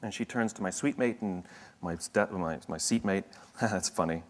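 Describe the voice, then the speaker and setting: A man's voice: low voice, normal speed, background noise. A middle-aged man giving a motivational talk, telling a self-deprecating story with humor and frequent restarts. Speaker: speaker.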